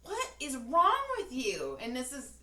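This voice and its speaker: A woman's voice: sits high, a little slow, reverberant, far from the mic, crowd noise. A woman co-hosting a podcast in casual chat, telling stories with lots of acted-out quotes and swearing. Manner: animated storytelling, acts out quotes, swears freely. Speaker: podcast co-host.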